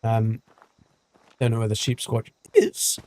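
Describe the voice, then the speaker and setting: A man's voice: lowish voice, very animated, slow, warm tone. A man giving casual, rambling gameplay commentary as a streamer, full of ums and restarts. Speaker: gaming streamer.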